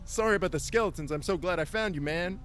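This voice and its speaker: A man's voice: high voice, fast, a bit bright, slight background noise. A man voicing a laid-back stoner goat man in a drawling stoner voice, reading game dialogue aloud. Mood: urgent.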